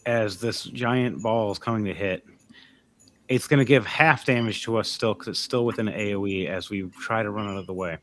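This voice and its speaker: Animated man running a tabletop game. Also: on the low side. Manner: animated, halting with fillers. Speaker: game master.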